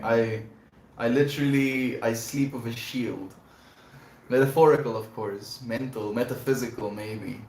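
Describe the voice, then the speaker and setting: A man's voice: medium pitch, a little mellow. A man hosting a casual livestream chat, talking in a rambling, reflective way and laughing often. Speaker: livestream host. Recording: echoey room, faint background noise.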